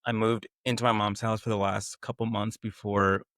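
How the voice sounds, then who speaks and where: Man, podcast guest, candid storytelling, animated retelling, laughs at the absurdity, dry close sound. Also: fairly low pitch, normal speed, dry recording.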